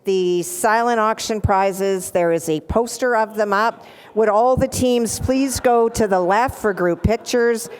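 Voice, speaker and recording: Woman emcee, mid pitch, clean resonant voice, brisk friendly announcements. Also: clean tone. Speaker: master of ceremonies. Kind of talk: closing announcements. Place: banquet hall.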